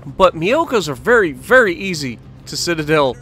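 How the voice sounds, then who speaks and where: Guy doing a gameplay commentary, jokey and animated, voice swings all over, faint game music behind. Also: a little high, moderate pace, slightly rough. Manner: animated, joking, talks to the game and viewers. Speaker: gaming channel host.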